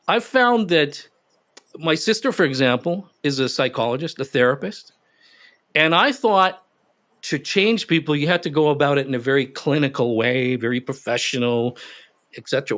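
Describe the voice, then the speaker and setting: Animated, emphatic male guest. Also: fairly high pitch, moderate pace. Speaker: guest expert. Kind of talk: interview conversation.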